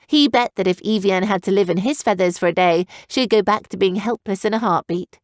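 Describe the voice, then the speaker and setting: A woman narrating a young adult fantasy audiobook in a steady, even storytelling manner. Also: mid-range voice, a little fast, dry recording, studio quality. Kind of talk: scripted narration.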